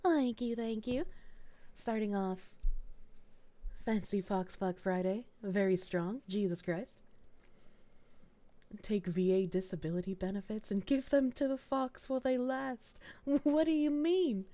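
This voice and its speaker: Sleepy, slow-talking woman streamer. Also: mellow, dry recording. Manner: sleepy, low-key; swears casually, thanks viewers by name. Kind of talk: casual live-stream chat. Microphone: desk mic with gain turned up.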